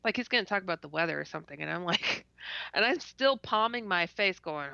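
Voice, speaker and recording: Brisk and creaky, her fairly low voice sharp and full of lively intonation, a podcast guest animatedly tells a story, laughing frequently, stuttering, and acting out her reactions. The dull, lo-fi call audio has no echo.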